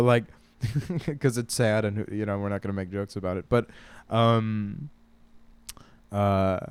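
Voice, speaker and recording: A man's voice: mid-range voice, darkish tone, smooth, no room sound. A man, a stand-up comic, hosting a casual comedic monologue, rambling and profane and often laughing at his own jokes. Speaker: podcast host and stand-up comic.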